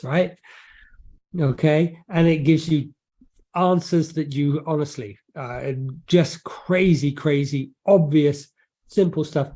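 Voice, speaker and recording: Casual: guy chatting about his book, kinda high voice, jokey, lots of asides and restarts. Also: warm tone. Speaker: author and guest. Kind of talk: casual interview explanation.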